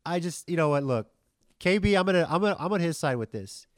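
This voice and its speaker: A man's voice: a little high, lively intonation, quick pace, dry recording. Male podcast co-host, blunt, steers the chat, dry close mic. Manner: blunt, opinionated, leads topics. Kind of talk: casual chat about reality TV.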